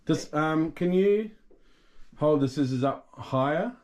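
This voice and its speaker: Man, slow delivery, lively pitch, laughs often, gives halting directions. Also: slight background noise. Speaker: person filming. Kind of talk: casual directing of a video shot.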